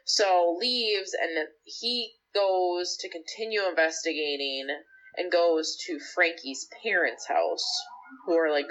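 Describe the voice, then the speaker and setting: A young woman with a low, slightly bright voice co-hosts a podcast, casually recapping a show. She rambles, leans heavily on "like," and acts out the characters' lines. The lo-fi audio sounds slightly dull.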